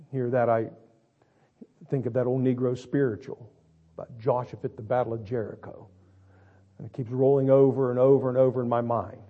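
A male pastor preaching a sermon, swinging between quiet asides and drawn-out, emphatic lines. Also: mid-range voice, phone-quality sound. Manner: dramatic, swings between quiet and loud, stretches words.

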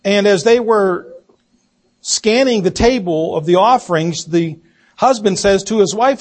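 A man preaching a sermon, telling a story slowly and deliberately and acting out the quoted voices. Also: sits high, a little mellow. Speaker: pastor.

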